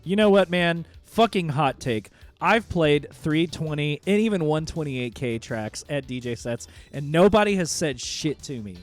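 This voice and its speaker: A man's voice: a little high, animated, measured pace, faint music behind. A man hosting a casual podcast chat over a video call, joking and playful. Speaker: podcast host.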